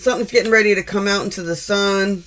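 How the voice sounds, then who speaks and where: A woman in her forties delivers a casual tarot reading in a blunt, profane rant. She rambles and restarts her sentences often, with a voice of middling pitch. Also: fairly even intonation, fast talker, fairly bright tone. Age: 40s. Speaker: tarot reader.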